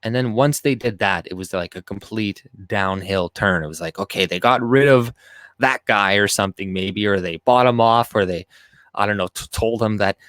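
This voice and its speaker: A man with a fairly low voice hosts a casual livestream, rambling from one thought to the next with plenty of profanity. His voice sounds dry and close, with no room echo. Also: moderate pace, fairly bright tone. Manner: rambling, profane, with frequent restarts. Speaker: livestream host.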